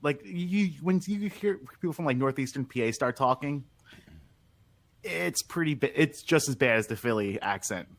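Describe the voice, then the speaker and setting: A man's voice: mid-range voice, lively intonation, moderate pace, a bit bright. A young man with a Philadelphia accent, chatting casually as a podcast co-host, telling rambling stories and acting out what people said. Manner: rambling storyteller, acts out quotes, many restarts. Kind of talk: casual chat.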